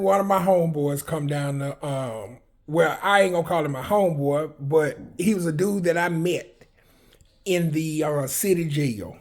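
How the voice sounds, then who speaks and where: A man from Arkansas, casually telling personal stories in a flamboyant, animated, profane way. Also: fairly high pitch. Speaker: vlogger.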